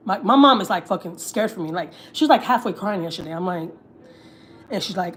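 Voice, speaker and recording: A woman's voice: on the low side, a little fast, a little hiss or hum. A young woman from Texas, a family vlogger, chatting candidly on a livestream, full of swearing and filler words. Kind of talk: casual livestream chat.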